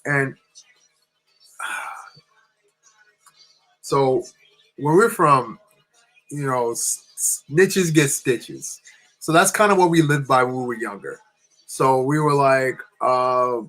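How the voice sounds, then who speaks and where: A man from New Jersey, a channel co-host, telling a personal story in a halting, repetitive way with many restarts. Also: mid-range voice, fairly bright tone, faint music behind, rough recording.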